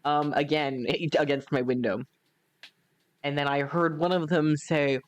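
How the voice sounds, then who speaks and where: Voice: medium pitch, fairly even intonation, unhurried, faint music behind. A young adult from Canada, a gaming streamer chatting and telling a rambling story while playing. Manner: chatty, rambling, with frequent fillers.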